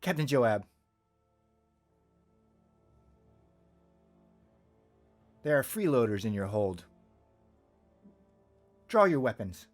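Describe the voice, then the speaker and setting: A man playing a haughty high-tenor overseer. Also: very animated, measured pace, faint music behind. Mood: commanding.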